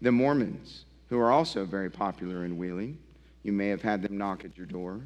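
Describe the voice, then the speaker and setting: A pastor preaching a sermon with emphatic repetition, his delivery swinging between low, quiet passages and loud, climactic ones. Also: brisk, highs cut off. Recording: long hall reverb.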